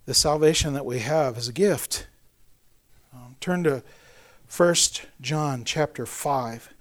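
With a mid-range voice, this middle-aged pastor preaches conversationally, cracking jokes at his own expense and telling stories with real animation.

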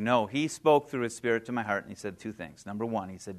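A guest speaker in his fifties gives an earnest, heartfelt personal testimony to an audience, using plain conversational phrasing with fillers. His mid-range voice is animated, and he talks fast with few pauses.

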